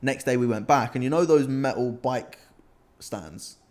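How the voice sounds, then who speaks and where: Young british guy on a podcast, mid pitch, telling crazy stories and laughing a lot. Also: measured pace. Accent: British English. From Britain. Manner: animated anecdote-telling, laughs often. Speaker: podcast co-host. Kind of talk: casual storytelling chat.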